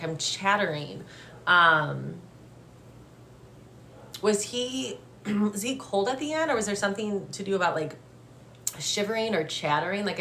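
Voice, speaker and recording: A young adult woman does a live-streamed psychic reading in a low, gentle voice. She talks haltingly, with many fillers and restarts, and turns emotional at times. A faint ambient hum sits behind her on a phone mic. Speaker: medium.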